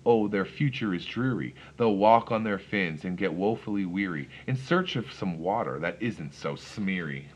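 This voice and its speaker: A man's voice: low voice, lively intonation, normal speed, hardly any pauses, husky, muffled recording. A man voicing a small, grumpy old male forest guardian who scolds in indignant rhymes. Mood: scolding.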